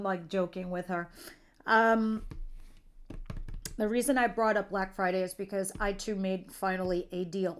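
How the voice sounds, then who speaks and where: Middle-aged woman, tarot reader, loose and talkative, plain mid-range voice. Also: medium pitch. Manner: chatty, jokey, talks straight to viewers. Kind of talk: casual tarot reading monologue.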